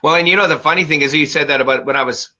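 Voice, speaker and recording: A male host talks with emphatic, fired-up energy, his voice forceful and bright and pitched a little high. The sound is somewhat dull and lo-fi. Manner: fired-up, emphatic and fast-talking. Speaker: show host. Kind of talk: energetic conversational interview.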